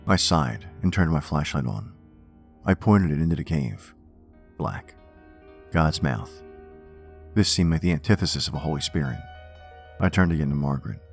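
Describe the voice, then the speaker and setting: A man narrating a first-person horror story in a measured, wry, reflective way. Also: very deep voice, expressive, creaky. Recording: faint music bed under narration.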